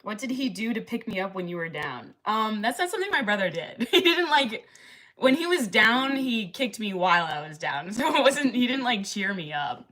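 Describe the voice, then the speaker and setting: Chatty young woman with a bright voice. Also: medium pitch, big pitch swings, moderate pace. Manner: chatty, laughing often, many fillers. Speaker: livestreamer. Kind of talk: casual live-stream chat.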